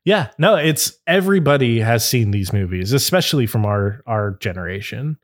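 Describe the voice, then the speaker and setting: A man's voice: mid-range voice, expressive, moderate pace. A young adult man hosting a podcast in casual chat, rambling with many fillers and laughing easily. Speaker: podcast host.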